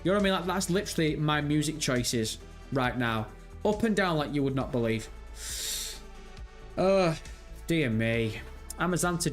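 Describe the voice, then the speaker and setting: Young man, Birmingham accent, live-stream host, rambling, sweary, faint music behind. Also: medium pitch. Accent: Birmingham English. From England. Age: 20s. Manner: chatty, rambling, swears freely. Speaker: livestream host. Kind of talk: casual live-stream chat reading viewer comments.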